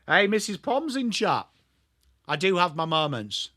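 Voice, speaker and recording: A man's voice: sits high, sing-song, measured pace, bright, forceful tone, dry recording, clean studio sound. An English man hosting a live football watchalong stream, chatting bluntly with viewers by name between calls on the play. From England. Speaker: livestream host.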